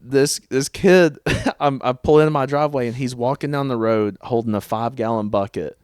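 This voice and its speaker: A man's voice: mid-range voice, moderate pace, darkish tone, smooth, no room sound, clean studio sound. A young man co-hosting a casual podcast, telling a story in a laid-back, wry way. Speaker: podcast co-host. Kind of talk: casual chat.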